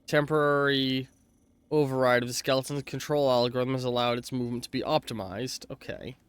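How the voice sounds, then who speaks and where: A man's voice: mid-range voice, fairly even intonation, a little fast, clean tone. A man casually commenting on his gameplay as a let's play streamer, chatty and swearing, reading game text aloud. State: clearing throat with heartburn.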